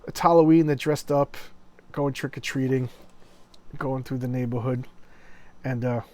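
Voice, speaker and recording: A man's voice: medium pitch, steady tone, unhurried, warm tone. A man casually reviewing old horror comics, retelling the stories with enthusiasm and a rambling, chatty manner. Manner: enthusiastic, rambling, acts out quoted lines in passing. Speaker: comic book video host.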